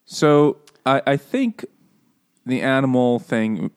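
A man's voice: mid-range voice, animated, slow pace, smooth. A man in an ordinary middle register chats loosely on a book-club podcast. He swears freely, laughs often, and drops into exaggerated character voices to recap scenes. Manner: joking, swearing, acts out silly character voices. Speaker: podcast co-host. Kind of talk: casual book-club chat.

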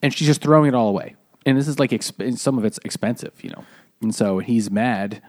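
A man in a casual book chat, retelling the plot with lively pitch jumps when he quotes characters. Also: fairly quick. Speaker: podcast co-host.

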